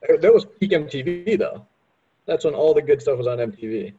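A man's voice: on the high side, lively intonation, a little fast, mellow, slight background noise. A man in casual podcast chat, laid-back and chuckling along. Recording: slightly dull lo-fi audio.

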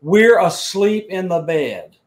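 A man's voice: high-pitched, big pitch swings, slow. A middle-aged man on a video call, a scientist and engineer, explaining videos and measurements in a plain, technical, matter-of-fact way. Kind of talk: casual show-and-tell explanation. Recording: echoey room sound.

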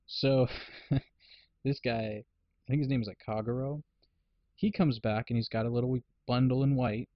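A man's voice: mid-range voice, normal speed, dry recording. A man recaps a film in a casual podcast chat, slipping into the characters' lines as he goes. He swears freely and keeps the story moving. The recording is dry and a little dull. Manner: animated retelling, acting out characters' lines.

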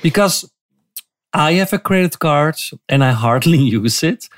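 A man's voice: fairly high pitch, expressive. A man co-hosting a casual podcast, speaking English with frequent restarts as he hunts for words. His intonation rises and falls a lot. He sounds easygoing. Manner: halting, searches for words, eating while talking. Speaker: podcast co-host.

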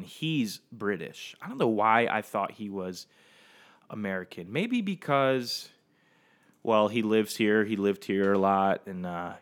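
A young man hosting a solo podcast, rambling in a casual, profane, animated way and talking straight to his listeners. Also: lowish voice. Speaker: podcast host.

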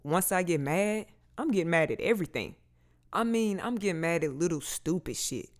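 Casting note: frank man, thirties, slightly higher voice, very clear and smooth, casual vlog delivery. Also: fairly bright tone. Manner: casual, frank, swears freely. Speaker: vlogger. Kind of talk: candid personal talk to camera.

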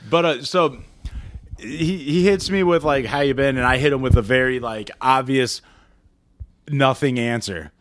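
A man's voice: measured pace, fairly bright tone. A man in his thirties co-hosting a casual podcast, telling stories with lots of swearing and acted-out quotes. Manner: profane, storytelling, acts out quotes in shrill voices. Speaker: podcast co-host.

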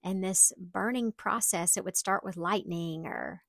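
A woman's voice: on the low side, a little slow, creaky, fairly bright tone, no room sound. A middle-aged woman, hosting a solo podcast and chatting candidly with self-deprecating humor. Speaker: podcast host. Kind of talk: casual solo podcast talk.

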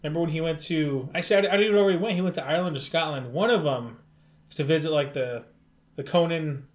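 A man's voice: fairly high pitch, quick pace. Rambling, laughing man in casual chat. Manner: rambling, profane, laughs often.

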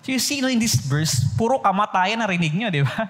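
Preaching a sermon that blends Tagalog and English, a Filipino-accented man speaks fast with a high, somewhat bright voice and lively intonation. Nearly every phrase is followed by a check-in question to listeners, and he repeats phrases often, all in a big-room sound.

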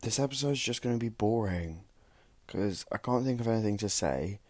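A young adult man hosts a casual solo podcast, his lowish voice expressive at a normal speed while loud music plays behind him. Exhausted, he rambles in a tired way and makes jokes at his own expense.

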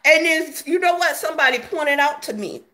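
Sassy high-voiced woman vlogger. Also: fairly quick, pushed and bright. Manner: sassy and laughing, calls viewers honey and baby. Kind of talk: casual gossip commentary.

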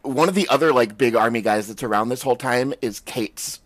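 A man's voice: medium pitch, brisk, dry recording. Casual rambling man, dry close sound. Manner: loose, rambling recap full of "like" and "um". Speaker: podcast host recapping a TV show. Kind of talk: casual chat.

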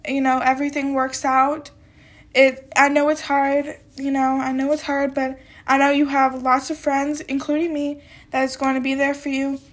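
Young female podcast host with a high voice and a bit of a cold, talks in loose, rambling chat. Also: completely flat delivery, normal speed. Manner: rambling, chatty, heavy use of "like" and "um". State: has a little cold. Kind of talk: casual solo podcast talk.

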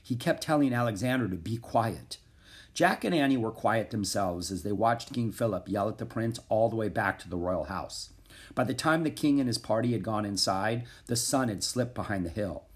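A man narrating a children's chapter book aloud in an expressive, animated way. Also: on the low side, normal speed. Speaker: audiobook narrator.

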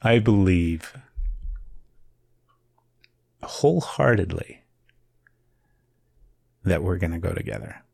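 A man's voice: sits low, expressive, slow pace, vocal fry, pauses often, a little mellow, husky. A man co-hosting a podcast, answering with short, encouraging remarks. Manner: encouraging, short affirming replies. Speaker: podcast co-host. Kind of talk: casual podcast conversation.

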